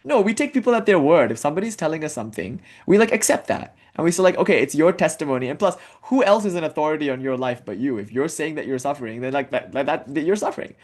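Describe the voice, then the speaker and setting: In a fairly high voice, fast and animated with few pauses, a young man gives an informal spiritual lecture. He's chatty, leans on "like" and asides, and occasionally chants Sanskrit.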